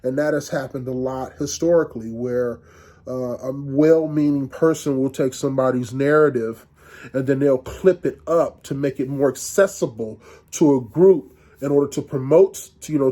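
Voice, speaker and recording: A middle-aged man giving a university lecture in a conversational, halting way, with frequent restarts and fillers. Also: mid-range voice, mellow.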